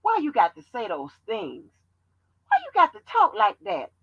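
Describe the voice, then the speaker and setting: A woman's voice: on the high side, huge pitch swings, moderate pace, husky, lo-fi sound, exaggerated voice. A woman voicing a female coworker who nags her with repeated whiny questions. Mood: scolding. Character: nagging female coworker scolding.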